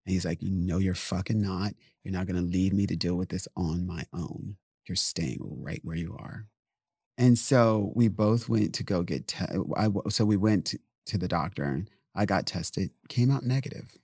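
A man with a deep, gravelly voice recounts his story as an interview guest, rambling, blunt and full of swearing. He slips into quoted back-and-forth as he goes. His voice is husky and close, with no room sound at all. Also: moderate pace, darkish tone, no echo. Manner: blunt, profane, rambling retelling with acted-out quotes. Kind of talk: candid personal storytelling.

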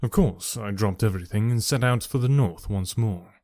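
A man reading a story aloud in a measured, even narration. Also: lowish voice, dry recording, studio quality. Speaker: audiobook narrator.

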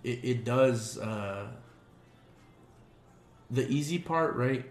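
A man's voice: medium pitch, extremely slow, faint music behind. Laid-back man hosting, in a roomy echo. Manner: laid-back, says "bro" constantly. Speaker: podcast host. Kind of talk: casual chat.

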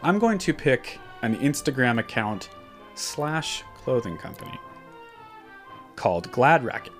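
A chatty man hosting a podcast, rambling easily from one aside to the next at a middling pitch. Faint music plays quietly behind his voice. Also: sing-song, a little slow. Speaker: podcast host. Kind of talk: casual chat.

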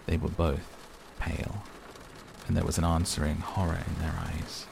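Man reading a sleep audiobook, low voice, gravelly, steady rain behind. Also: background noise. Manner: measured, soothing. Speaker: audiobook reader. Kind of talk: slow, calm bedtime audiobook narration.

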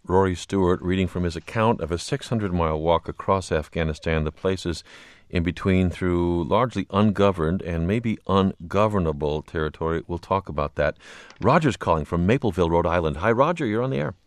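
Brief: deep male radio host, hesitant conversational questions, dry close sound. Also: fairly quick, no room sound. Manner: conversational, hesitant phrasing with fillers. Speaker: radio talk show host. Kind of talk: radio interview.

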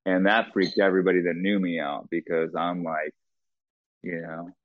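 A middle-aged man being interviewed, telling a personal story bluntly and profanely, with halting restarts. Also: low-pitched, level tone, no room sound. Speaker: guest. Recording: tinny phone-like line, dry.

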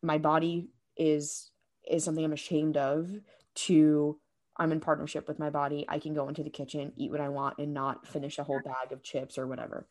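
A woman's voice: low voice, little pitch movement, fairly quick, darkish tone. A woman hosting a podcast, effusive and emotional, talking in a loose, filler-heavy way. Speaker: podcast host. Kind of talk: casual interview chat.

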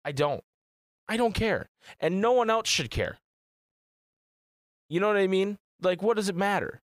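A man with a high, expressive voice co-hosts a gaming podcast, chatting casually at a moderate pace. He rambles and swears freely. The audio is studio quality with no room sound.

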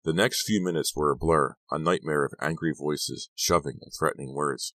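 A man narrating an audiobook in a steady, even storytelling voice. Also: rumbling low, normal speed, no room sound. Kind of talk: scripted narration.

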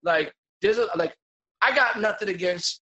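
A man with a notably high speaking voice rants through a casual podcast chat. He swears freely, stumbles over restarts and gets worked up as he goes. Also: normal speed, muffled recording. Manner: profane, excitable, stammering restarts. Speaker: podcast guest.

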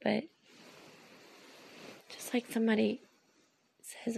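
A woman's voice: on the high side, level tone, slow, gravelly, warm tone, slight background noise. A woman in her late thirties talking emotionally and at length, drained and tired, rambling and restarting her thoughts, near tears at times. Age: 30s. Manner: rambling, heartfelt, trails off and restarts. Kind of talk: emotional personal monologue.

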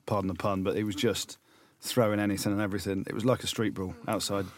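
Low-voiced man bantering. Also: flat delivery. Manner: teasing, quick interjections. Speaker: podcast co-host. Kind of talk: casual banter.

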